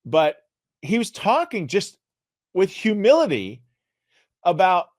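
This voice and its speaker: A male show host giving an emphatic, earnest political commentary monologue, his voice going hoarse. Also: high-pitched, wildly swooping pitch, slow, long pauses, no room sound, clean studio sound. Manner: emphatic, earnest, rising to loud peaks. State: losing his voice.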